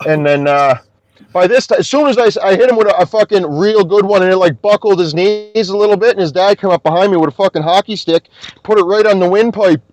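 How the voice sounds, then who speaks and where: High-voiced man telling stories. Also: fast, low-quality recording. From Nova Scotia, Canada. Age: young adult. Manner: animated, profane, swears constantly. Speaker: podcast guest. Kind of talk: casual storytelling.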